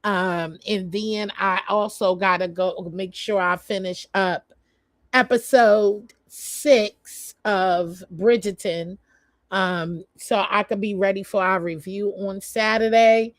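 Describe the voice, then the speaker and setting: Slow-talking chatty woman, dry sound. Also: mid-range voice, fairly even intonation, no echo. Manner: chatty, rambling, lots of fillers. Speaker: vlogger. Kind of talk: casual live stream chat. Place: home.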